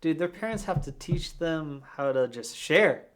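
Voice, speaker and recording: A man from Southern California, a guest skateboarder on a podcast, chatting in relaxed skater slang and laughing often. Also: a little high, normal speed. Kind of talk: casual interview chat.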